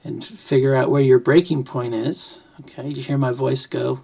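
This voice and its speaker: A woman's voice: extremely low pitch, little pitch movement, moderate pace, gravelly, dark tone. A middle-aged woman vlogging at home, casually explaining things to the camera and often correcting herself mid-sentence. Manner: rambling, self-correcting, thinks aloud. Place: home, near the kitchen.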